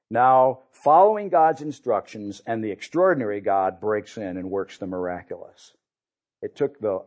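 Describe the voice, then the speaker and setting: A man's voice: on the low side, a little mellow. A man preaching a sermon, conversational, often repeating and restarting words.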